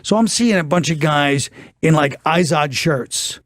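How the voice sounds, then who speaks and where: A middle-aged man, telling stories as a guest comedian and breaking into the voices of the people in them. His voice sits a little higher than most men's and comes across close and dry, with no room sound. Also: unhurried, no echo. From New York. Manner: animated, acts out other voices in stories. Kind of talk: casual storytelling on a talk show.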